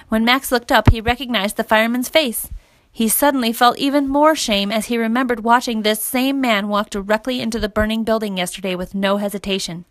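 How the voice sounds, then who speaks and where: A woman reading a children's story aloud as narrator, in a steady, clear manner. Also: fairly high pitch, fairly quick, no room sound.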